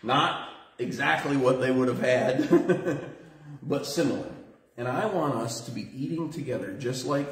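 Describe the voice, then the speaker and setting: A man giving a sermon as pastor, telling a story in an animated way with lively swings in his voice. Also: mid-range voice. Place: church room. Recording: roomy echo with faint noise.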